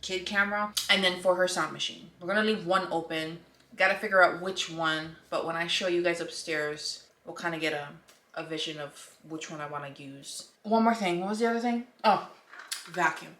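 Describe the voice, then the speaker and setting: A woman's voice: fairly low pitch, moderate pace, a bit bright. A young woman talking casually on a home vlog, thinking aloud as she works around the house. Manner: chatty, thinking aloud while working. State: out of breath at times. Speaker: vlogger. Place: at home, moving through rooms. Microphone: handheld camera.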